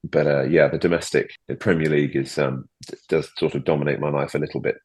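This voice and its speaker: A man with a very low voice chats as a podcast guest. His humour is dry and self-deprecating. He talks in an easy, unhurried way. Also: steady tone, darkish tone, slightly rough. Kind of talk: casual chat.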